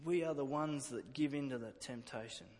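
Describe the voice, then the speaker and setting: A man's voice: medium pitch, moderate pace, a little mellow, in a large hall. A man preaching a sermon earnestly, often repeating words as he restarts a phrase. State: emotional at times.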